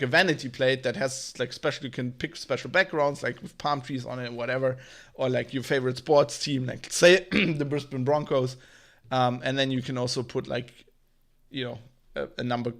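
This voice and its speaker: A man's voice: mid-range voice, fairly even intonation, a little fast, creaky, fairly bright tone. A man hosting a casual livestream tech news show, rambling with lots of fillers, laughing and swearing.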